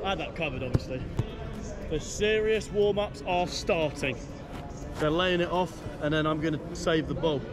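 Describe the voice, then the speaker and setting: A man's voice: a little high, normal speed, a loud crowd. A young man vlogging a charity football match, jokey and chatty and calling his viewers "boys". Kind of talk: casual vlog to camera. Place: outdoors at a football stadium.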